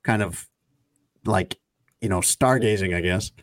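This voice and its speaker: A man's voice: lowish voice, measured pace. A man hosting a casual talk show, running through news items and teasing his co-hosts. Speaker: host.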